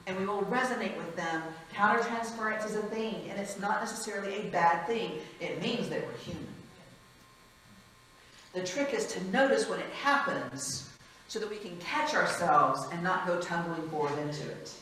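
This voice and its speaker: A woman's voice: medium pitch, moderate pace. Frank woman in an echoey hall. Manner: lively, frank, laughs often, acts out quotes. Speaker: conference speaker, former hospice chaplain. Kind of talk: storytelling conference talk. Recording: echoey hall, mic at a distance.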